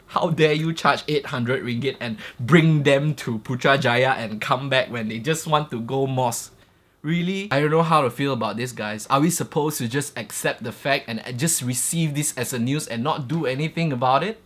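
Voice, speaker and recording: A young man with a Malaysian English accent, ranting in a vlog and jumping between loud outbursts and low asides. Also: moderate pace. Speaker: vlogger. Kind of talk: animated rant vlog.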